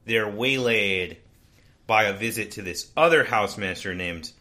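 A man's voice: on the low side, a little slow, sharp tone. A man co-hosting a casual book discussion podcast, summarizing the plot in a rambling way with frequent restarts. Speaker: podcast co-host.

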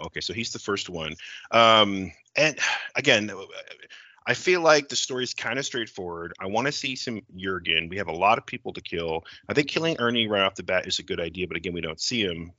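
A man brainstorming a horror story in casual chat, animated, laughing and swearing often. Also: on the low side, no echo. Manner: animated, laughing, heavy cursing. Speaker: horror filmmaker. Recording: dull lo-fi sound.

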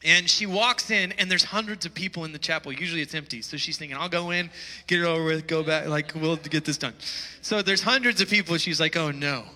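A man preaching in a church hall, his high voice carrying a long reverb. His tone is bright and forceful as he tells stories and presses his listeners with urgent calls to wake up. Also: brisk. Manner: storytelling, emphatic rising calls to wake up. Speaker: pastor. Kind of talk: sermon.

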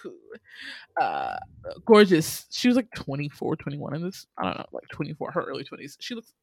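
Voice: medium pitch, wildly swooping pitch, fairly quick, vocal fry, no echo. Chatty podcaster on a dry close mic. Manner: chatty, filler-heavy, laughs through the retelling. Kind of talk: casual movie recap.

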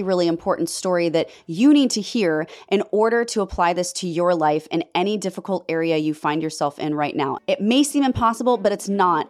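A young adult woman telling an emotional personal testimony to her viewers, intense and dramatic, her voice jumping up sharply on emphatic words. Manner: intense, dramatic storytelling with sudden pitch leaps when emphatic. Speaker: faith vlogger telling a personal story.

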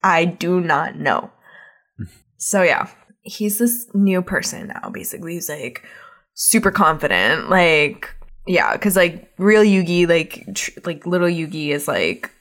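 A woman's voice: lowish voice, measured pace. A young woman chatting loosely as podcast host, swearing freely and leaning hard on "like". Her voice swings widely up and down as she bursts into the characters' lines. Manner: animated, swears a lot, heavy use of "like". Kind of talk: casual chat recapping an anime episode.

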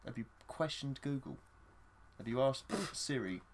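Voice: medium pitch, animated, a little slow. A podcast co-host chatting casually about a movie, laughing often and teasing the other host with plenty of swearing.

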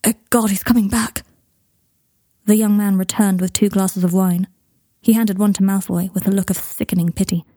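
Husky-voiced woman reading a story. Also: medium pitch, little pitch movement, fairly quick, mellow, dry recording, studio quality. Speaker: narrator. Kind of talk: reading fan fiction aloud.

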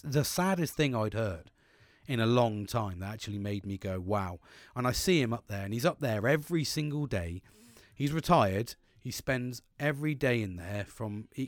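A man's voice: mid-range voice, dry recording, studio quality. A young man, hosting a podcast and talking frankly and casually, swearing often. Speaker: podcast host. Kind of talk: casual solo podcast monologue.

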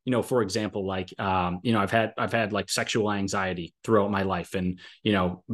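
A man's voice: sits low, fairly even intonation, fairly quick, fairly bright tone. A man talking casually on a podcast, rambling with lots of fillers and restarts while he shares a personal experience.

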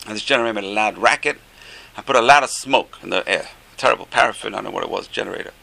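A middle-aged or older man, a rabbi teaching a class, tells stories in an animated way with many rhetorical questions. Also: lowish voice, rapid-fire, vocal fry. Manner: animated, rhetorical questions, stretches key phrases. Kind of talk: Torah class storytelling.

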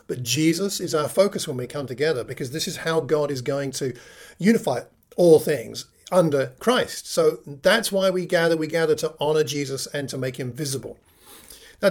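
A man preaching a sermon, teaching from scripture with measured emphasis and many rhetorical questions. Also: on the high side. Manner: measured, slows to stress key phrases, rhetorical questions.

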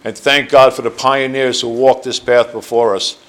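A man's voice: mid-range voice, flat delivery, normal speed, fairly bright tone. A man in his sixties with a New Jersey accent, sharing his life story at a recovery meeting in a rambling, earnest way full of fillers. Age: 60s. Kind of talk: personal testimony talk. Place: meeting room.

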